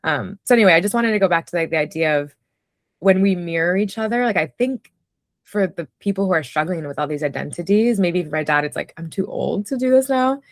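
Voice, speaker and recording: Low-voiced reflective woman, dry sound. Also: fast, dry recording. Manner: reflective, storytelling with many fillers. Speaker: podcast guest, writer. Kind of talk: casual conversation.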